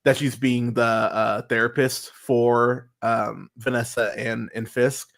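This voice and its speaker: A man hosting a casual podcast review chat, excitable and quick to swear, acting out lines as he retells scenes. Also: medium pitch, vocal fry. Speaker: podcast host.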